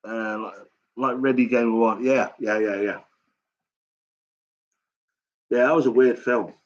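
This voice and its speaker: A middle-aged man rambles through a casual late-night live chat, blunt and swearing at every turn. His voice sits at an ordinary middle pitch. The sound is slightly dull and lo-fi. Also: steady tone, slow pace. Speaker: live stream host.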